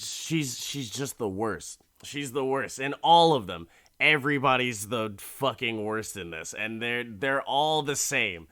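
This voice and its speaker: A man's voice: mid-range voice, sharp tone, dry recording. A man hosting a podcast, recapping an episode in a profane, joking, rambling way from his studio mic. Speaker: podcast host. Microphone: studio mic with headphones.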